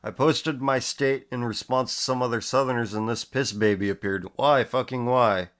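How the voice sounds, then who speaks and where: A man's voice: medium pitch, steady tone, moderate pace, fairly bright tone. A man hosting a casual commentary show, reading posts aloud and mocking them with sarcastic, profane remarks; he is losing his voice. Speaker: host.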